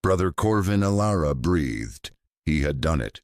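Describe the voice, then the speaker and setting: A man's voice: very deep voice, expressive, a little slow. A man narrating a scripted sci-fi story in a grave, dramatic storytelling manner.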